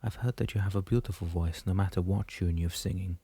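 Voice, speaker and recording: A timid young girl speaks softly and shyly, as a man reads her lines. The sound is quiet, low and dry. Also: fairly quick, slightly rough, no echo. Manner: timid, soft.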